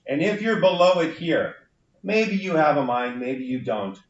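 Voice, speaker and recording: A man's voice: a little high, lively intonation, measured pace. A male university instructor gives a lecture, explaining ideas patiently and checking in with his class. He is heard from a distance in a reverberant classroom. The recording sounds dull and a little muffled. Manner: explanatory, frequent "right?" tag questions. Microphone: room recording from a distance. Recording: echoey classroom from far off, dull.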